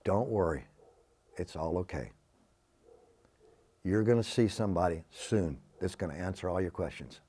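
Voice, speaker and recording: A man voicing a calm, reassuring voice of God, speaking low and soothingly. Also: moderate pace, pauses often, breathy edge.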